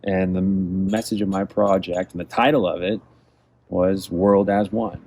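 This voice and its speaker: A man's voice: low-pitched, little pitch movement, measured pace, a little mellow, a little hiss or hum. A man from California answering interview questions as a guest, telling travel stories in a reflective, enthusiastic way. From California, USA. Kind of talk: casual interview conversation.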